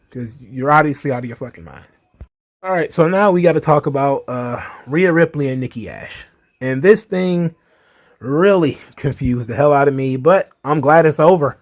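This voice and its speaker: A man's voice: on the high side, vocal fry. A man giving blunt, exasperated, swear-heavy wrestling commentary. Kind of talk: casual profane commentary.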